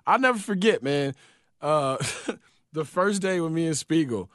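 Animated man telling stories, higher voice. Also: a little slow, no room sound, studio quality. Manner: animated storyteller, swears freely, acts out quotes. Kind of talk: casual chat.

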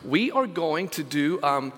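A male senior pastor preaching a sermon, stressing scripture slowly and calling out to the congregation. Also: a little high, sing-song, fairly bright tone, in a large hall. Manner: emphatic, slows down to stress scripture; engages congregation with call-outs.

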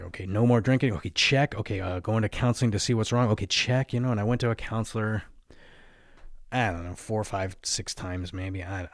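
Man, low voice, dry close sound, blunt confessional storytelling, swears a lot. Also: no echo. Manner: candid, profane, fillers of "right?" and "like". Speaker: podcast host.

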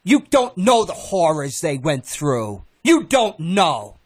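An older man arguing heatedly on air, indignant and yelling, repeating himself. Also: fairly high pitch, sing-song, takes it slowly, breathy edge, dry recording.

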